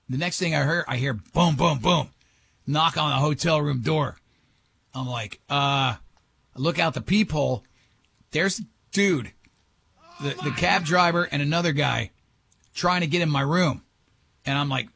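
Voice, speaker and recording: Gravelly bright older man telling stories. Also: on the high side, normal speed. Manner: animated, rambling storyteller who laughs often. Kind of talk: casual storytelling chat.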